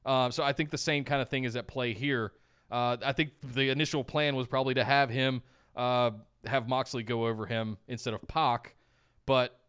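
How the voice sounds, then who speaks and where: A man's voice: mid-range voice, fairly bright tone, clear, resonant tone, muffled recording. A man co-hosting a wrestling podcast, chatting casually as an eager fan. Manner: eager fan, easily fired up. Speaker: podcast co-host.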